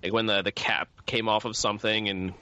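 A man's voice: fairly low pitch, level tone, a little fast, bright, forceful tone, no echo. A man in his thirties from New Jersey, chatting casually as a podcast co-host and rambling with many fillers and restarts. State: coughing lately. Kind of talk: casual chat. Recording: dull lo-fi recording.

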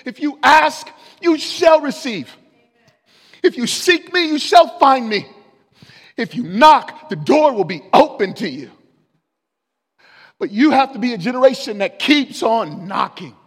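A man preaching a sermon in a large sanctuary, fervent and building to forceful declarations. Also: very high voice. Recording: long reverb of a large hall.

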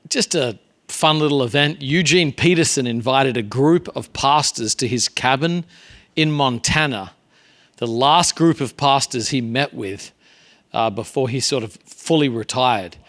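A man's voice: mid-range voice, fairly bright tone. Earnest man preaching a sermon. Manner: conversational, earnest, frequent filler "uh". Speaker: guest pastor. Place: church sanctuary.

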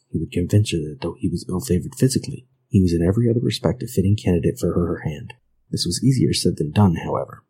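A man reading a grim old folk tale aloud in a measured, grave manner. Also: low-pitched, dark tone, slightly rough, low-quality recording. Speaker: narrator.

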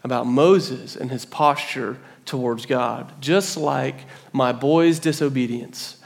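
A man's voice: medium pitch, fairly even intonation, takes it slowly, vocal fry. A man in his thirties preaching a sermon as a pastor, telling stories and acting out the voices he quotes. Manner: storytelling, acts out quoted voices. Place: church hall.

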